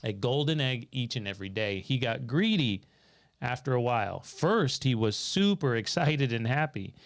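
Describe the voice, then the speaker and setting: A man with a medium-pitched voice, lively intonation and normal speed hosts a studio financial Q&A livestream. He mixes storytelling with reading out viewer comments from the chat and quizzing his co-host.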